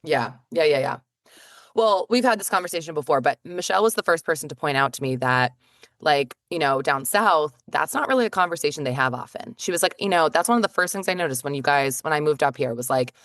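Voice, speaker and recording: A woman co-hosting a chatty podcast, her voice sitting a little low for a woman. She tells stories with quick asides and plenty of fillers. The sound is close and dry, with no room echo. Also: lively intonation, a bit bright. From northeastern United States. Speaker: podcast co-host. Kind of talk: casual chat.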